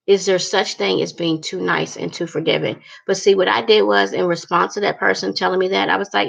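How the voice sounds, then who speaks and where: Gravelly-voiced woman vlogging bluntly. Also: medium pitch, fast, few pauses, a bit bright. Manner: candid, blunt, cusses freely, many fillers. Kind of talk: casual talking-to-camera vlog.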